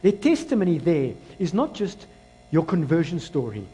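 A South African man preaching a sermon, swinging between loud exclamations and low, quiet asides, and dropping into Afrikaans phrases. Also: very animated, moderate pace, rough recording. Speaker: pastor.

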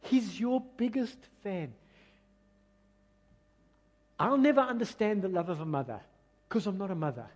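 A man preaching a passionate, emphatic sermon that swings between loud and quiet. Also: sits high, expressive, a little slow, long pauses. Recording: long reverb of a large hall.

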